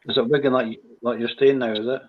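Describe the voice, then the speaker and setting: A man's voice: mid-range voice, flat delivery, fast talker, dry recording. A man in casual chat, rambling through stories and cracking crude jokes. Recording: dull lo-fi call audio with faint noise.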